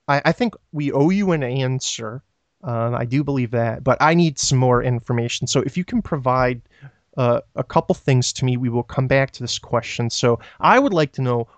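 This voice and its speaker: A man's voice: medium pitch, fairly bright tone, no echo. A man co-hosting a casual podcast, rambling with lots of fillers as he tells stories and answers listener questions. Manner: rambling, filler-heavy storytelling. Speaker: podcast co-host.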